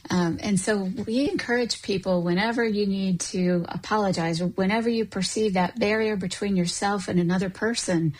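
A woman's voice: mid-range voice, moderate pace, few pauses, poor audio. A woman who works as a counselor and coach, speaking as a talk show guest in an earnest, thoughtful way. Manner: earnest and thoughtful, with soft fillers.

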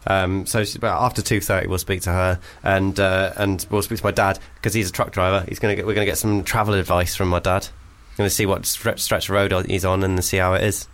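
A man's voice: sits low, little pitch movement, brisk, few pauses, fairly bright tone. Joking man co-hosting. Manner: joking, rambling, playful. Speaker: podcast co-host. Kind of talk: casual banter.

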